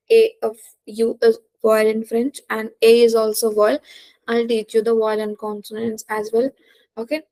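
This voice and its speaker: A woman's voice: on the high side, mellow, dry recording. A young woman teaching a beginner French lesson, patiently repeating each word and checking in with "okay?". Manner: patient, repeats words, says "okay?" often; non-native English phrasing. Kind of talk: slow beginner language lesson.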